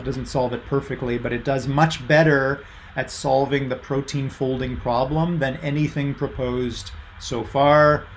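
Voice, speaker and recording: Over a video call, a middle-aged man gives a casual online university lecture full of fillers, reading student answers aloud from the chat. His medium-pitched voice has vocal fry, with a little hiss or hum in the audio.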